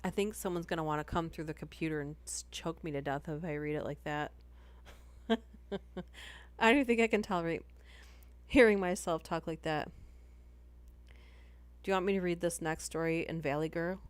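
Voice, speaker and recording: A woman's voice: low voice, moderate pace, long pauses, clean tone, no room sound. A woman streaming, chatting casually between horror story readings, giggly and full of "like". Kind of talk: casual livestream chat.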